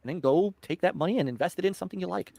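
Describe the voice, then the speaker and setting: Male co-host, quick and high, reading then riffing; dry sound. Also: gravelly, mellow, dry recording. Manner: reads aloud and comments. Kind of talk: casual livestream chat.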